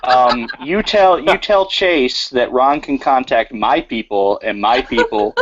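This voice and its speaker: A man's voice: mid-range voice, slow pace, very noisy. A joking man chatting casually with friends in an online group call. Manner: joking, lively. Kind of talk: casual group video chat. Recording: dull lo-fi video call audio.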